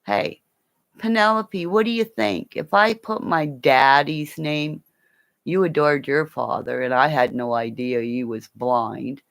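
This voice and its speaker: A woman's voice: rumbling low, unhurried. A woman from Canada ranting angrily to camera in a profane, rambling monologue. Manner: profane and angry; rambling, jumps between topics. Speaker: vlogger.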